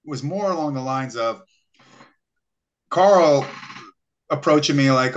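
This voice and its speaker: A man's voice: on the high side, a little slow, pauses often. A male podcast guest telling stories in a casual chat, acting out the voices of people he quotes. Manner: animated, acts out quoted voices, frequent fillers.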